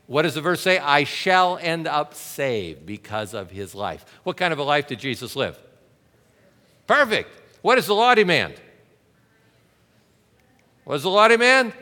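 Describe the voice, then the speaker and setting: Preaching pastor, bright voice, hall echo. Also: male voice, fairly high pitch. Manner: emphatic preaching with rhetorical questions and audience interaction. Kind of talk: sermon. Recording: reverberant hall.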